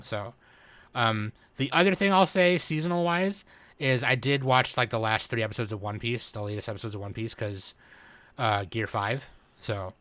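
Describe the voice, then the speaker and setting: Podcast dude, bright voice, dry close mic, swears a lot and laughs. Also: male voice, lowish voice, no echo. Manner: rambling, profane, laughing. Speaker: podcast host. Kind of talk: casual chat.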